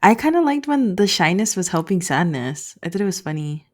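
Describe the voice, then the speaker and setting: A woman with a notably low voice co-hosts a relaxed podcast chat. She is easygoing and keeps the conversation moving with questions. Her delivery stays loose and unscripted. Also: brisk. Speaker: podcast co-host. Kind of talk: casual chat.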